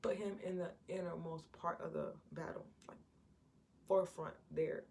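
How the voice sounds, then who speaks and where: A woman's voice: on the low side, fairly even intonation, normal speed, gravelly, a little mellow, a little hiss or hum. A woman giving an informal Bible teaching in a conversational way, retelling scripture stories and acting out what the people in them say. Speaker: Christian preacher.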